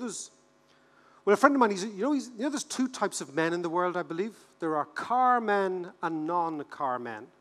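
A man in his fifties with an Irish accent, giving a conference keynote as a joking, animated storyteller who repeats words for effect. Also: high-pitched. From Ireland. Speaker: keynote speaker. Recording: reverberant hall.

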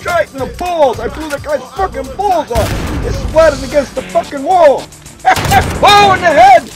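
An older gamer with a strikingly high voice narrates his match in a stream of boastful, profane trash talk. He cackles and taunts his opponents by name. Music pounds and gunfire rattles behind him. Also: animated, normal speed. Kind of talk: gameplay trash-talk commentary.

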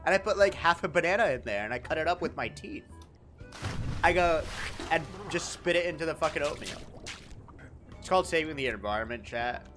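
A young man live-streaming in casual chat, animated and profane as he jokes back at his viewers. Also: on the high side, brisk, long pauses, soft background music. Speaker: livestreamer.

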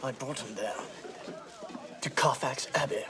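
An actor playing a shaken young clerk from a noisy film clip. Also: male voice, mid-range voice, measured pace, lightly acted. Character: shaken young English clerk, fearful then resolute.

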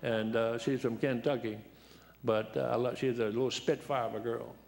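A man's voice: mid-range voice, little pitch movement, normal speed, creaky, darkish tone. A seventy-year-old man preaching a folksy sermon in a church, joking and telling anecdotes in a worn, dried-up voice. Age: 70s. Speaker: guest preacher.

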